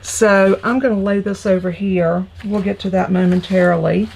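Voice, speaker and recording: A woman's voice: medium pitch, steady tone, normal speed, gravelly, darkish tone, slight background noise, poor audio. A woman hosting a live crafting tutorial, chatty and gushing, greeting viewers as she shows her supplies. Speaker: crafting host.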